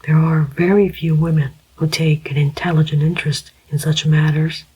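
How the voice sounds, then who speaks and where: A narrator whispering the part of a gentle, formal older male inquiry agent, as whispered role-play. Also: mid-range voice, little pitch movement, normal speed, slightly rough, poor audio. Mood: grave.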